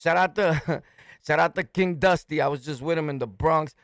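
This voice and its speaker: A middle-aged man from Brooklyn with a New York accent, telling a street story in a swaggering, animated way and shouting his punchlines. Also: on the high side, moderate pace, dry recording, clean studio sound. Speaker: storyteller, channel host.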